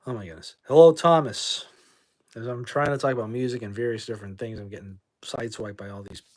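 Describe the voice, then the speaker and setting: Blunt rambling man hosting a livestream. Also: medium pitch. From New England. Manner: blunt, rambling, quick to kick out trolls. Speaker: livestream host. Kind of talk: casual livestream chat reading viewer comments.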